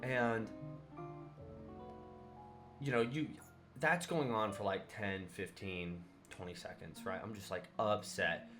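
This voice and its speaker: A man hosting a casual solo podcast, rambling through his thoughts with lots of fillers and animated bursts when he retells his own anger. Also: lowish voice, slow pace, long pauses, music in the background. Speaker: podcast host.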